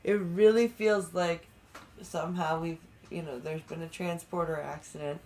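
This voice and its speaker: A woman on a political chat podcast, speaking haltingly and sarcastically with many restarts. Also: on the low side, steady tone, darkish tone, rough recording. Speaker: podcast panelist.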